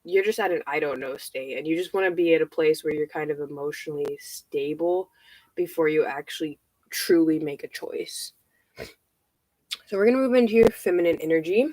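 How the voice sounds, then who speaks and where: A woman giving a casual tarot reading, out of breath, halting and repeating herself with many fillers. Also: lowish voice, a little mellow, dry recording, low-quality recording. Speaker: tarot reader.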